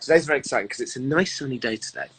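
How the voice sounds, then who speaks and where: A man's voice: mid-range voice, racing, heavy background noise. A British man in his thirties chatting casually and jokily as co-host of a live stream, rambling from one joke to the next. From Great Britain. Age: 30s. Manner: playful, jokey, rambling. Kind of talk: casual chat.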